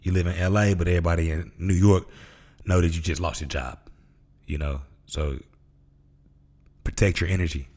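A man's voice: low-pitched, fairly even intonation, normal speed, pauses often, a little mellow. A man from Memphis, hosting a casual motivational podcast monologue in a laid-back, slangy way. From Memphis, Tennessee. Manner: laid-back, slangy, acts out voices in stories. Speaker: podcast host.

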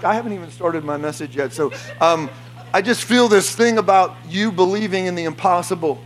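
A man preaching a charismatic sermon to a congregation in a church, fervent, breaking into shouts and laughter. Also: sits high. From United States. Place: church meeting before a congregation.

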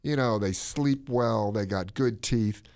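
A man co-hosting a podcast, talking his opinions in a casual, animated way. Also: fairly low pitch, takes it slowly, dry recording, studio quality. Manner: animated, opinionated, drops into playful put-on accents. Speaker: podcast co-host.

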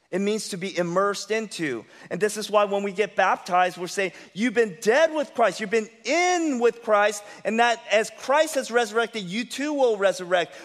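High-voiced man preaching in a reverberant hall. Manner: preaches with rising rhetorical questions and emphasis. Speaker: pastor. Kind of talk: sermon. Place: church sanctuary.

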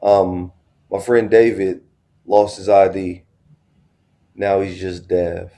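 A man with a low, gravelly voice chats casually on a podcast. His tone is dark and mellow, and he tells stories animatedly, jokes and teases his partner. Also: takes it slowly. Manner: joking, teasing, animated storytelling with profanity. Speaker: podcast co-host. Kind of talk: casual chat.

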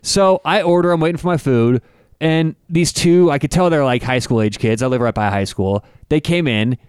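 A young man co-hosting a casual podcast, telling a story in a lively, animated way. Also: a little high, moderate pace, clear, resonant tone, no echo, studio quality. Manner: animated storyteller, acts out quotes. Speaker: podcast co-host. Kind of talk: casual chat.

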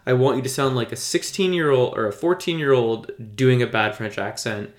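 A man's voice: mid-range voice, normal speed, echoey room. A man co-hosting a casual podcast chat, rambling and enthusiastic, with lots of fillers. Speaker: podcast co-host.

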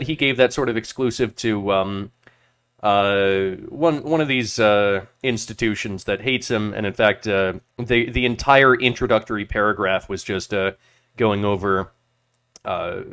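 A man's voice: on the low side, a bit bright. A man hosting a casual political podcast, talking hesitantly with constant filler sounds. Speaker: podcast host.

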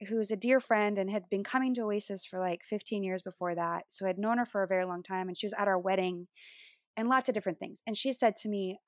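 A woman's voice: medium pitch, fast, no echo, clean studio sound. A woman in her thirties, a worship leader, telling a personal testimony in an interview, earnestly acting out remembered dialogue.

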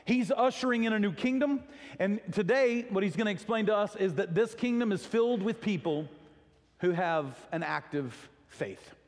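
Male pastor, light high voice, self-deprecating storyteller, recorded in an echoey sanctuary. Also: animated, moderate pace. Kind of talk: sermon.

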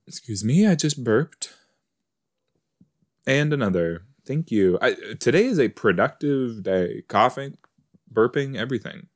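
A man's voice: mid-range voice, lively intonation, a little slow. A man hosting a podcast, chatting casually and talking back at the screen as he watches an episode. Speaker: podcast host. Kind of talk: casual watch-along commentary.

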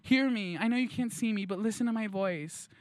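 A man's voice: high-pitched, fairly quick, no room sound, pitched above the performer's own voice, natural voice. A man playing a smug male empath in a comedy sketch, talking in a soothing, pleading, self-congratulating way.

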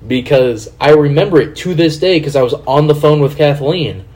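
A man from Kansas City hosting a casual podcast, telling stories in a profane, animated way. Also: a little high, normal speed. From Kansas City, USA. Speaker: podcast host.

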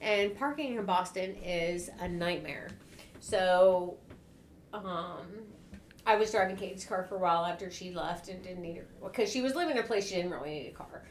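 A middle-aged woman chats about family in a relaxed, storytelling way, looping back over her words as she gets going. Her voice bounces around a roomy, echoey space, with faint noise underneath. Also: lowish voice, normal speed. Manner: chatty, storytelling, repeats herself while she gets going. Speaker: mother. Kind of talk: casual chat. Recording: echoey room.

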